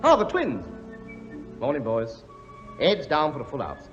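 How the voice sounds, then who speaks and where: A man's voice: mid-range voice, huge pitch swings, measured pace, over loud music. An actor playing a pompous, blustering king with a sarcastic, grumbling working-class manner in a 1950s radio comedy. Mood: brisk. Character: blustering pompous male king, bossy and weary. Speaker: lead comic actor. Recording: dull old broadcast recording with audience laughter. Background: studio audience laughing.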